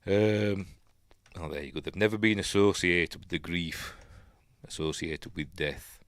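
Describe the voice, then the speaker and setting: Deep-voiced Yorkshire man rambling through a film. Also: unhurried, no echo. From Yorkshire, England. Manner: rambling and chatty, with many ums and self-corrections; wry asides and soft chuckles. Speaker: podcast host reviewing a film. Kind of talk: casual film recap commentary.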